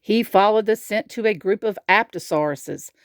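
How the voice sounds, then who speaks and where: A woman reading a picture book aloud, slow and expressive, asking the listener questions. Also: medium pitch, smooth, no echo, studio quality. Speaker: storyteller.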